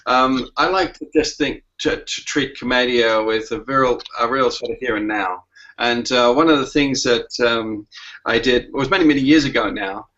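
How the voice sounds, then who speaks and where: Bright, forceful Australian man. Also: medium pitch, dull audio. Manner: halting, full of "uh" and "um". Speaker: commedia performer. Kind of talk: casual storytelling on a group video call. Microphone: video call.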